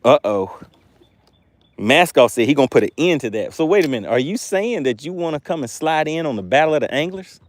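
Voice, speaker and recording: A man's voice: on the high side, animated, fairly quick. A man hosting a live fishing stream from a boat, joking with chat and hyping his catches with made-up words. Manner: playful, hypes catches with made-up words, reads viewer comments aloud. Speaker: fishing livestream host. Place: outdoors on a boat on a lake.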